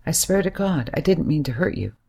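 A woman reading the part of a hesitant but serious young man, a gentle family friend, in an audiobook. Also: fairly high pitch, very animated, brisk, gravelly, slightly rough, heavily acted. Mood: pleading. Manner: hesitant yet serious, soothing.

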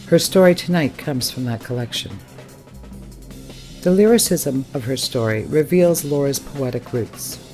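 A man's voice: medium pitch, animated, a little slow, darkish tone, faint music behind. A man hosting a reading series, giving formal, admiring introductions of the readers. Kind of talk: scripted introductions.

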